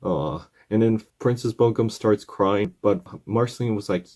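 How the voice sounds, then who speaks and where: A man's voice: on the low side, a little slow, darkish tone. A man casually recapping a cartoon episode, rambling and acting out characters' lines.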